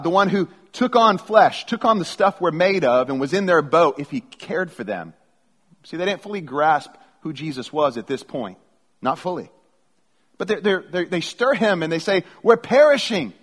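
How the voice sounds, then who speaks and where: A man's voice: a little high, lively intonation, moderate pace, a bit bright. A middle-aged man preaching a sermon as a pastor, reading scripture and telling stories casually, often restarting his phrases. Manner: conversational storytelling with repeated restarts. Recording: long hall reverb.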